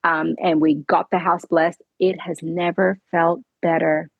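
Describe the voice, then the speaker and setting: A middle-aged woman who tells her story with earnest feeling and plays the voices in her dialogue. Her voice sits a little low and has a husky edge. The sound is dry and close. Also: little pitch movement, a little slow, no room sound, narrow, tinny audio. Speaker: podcast guest. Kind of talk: conversational interview.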